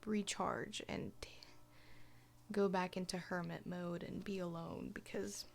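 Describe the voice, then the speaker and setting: Soft-spoken young woman vlogging. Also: on the low side, fairly even intonation, measured pace, vocal fry, a little hiss or hum. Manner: soft-spoken, often half-whispered, hesitant with many fillers. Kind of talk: casual personal vlog.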